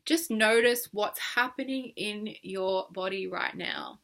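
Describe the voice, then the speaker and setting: A woman's voice: medium pitch, takes it slowly, gravelly, a bit bright. A young woman leading a guided tapping session in a playful, coaxing way, laughing often and exaggerating her words. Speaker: EFT tapping coach.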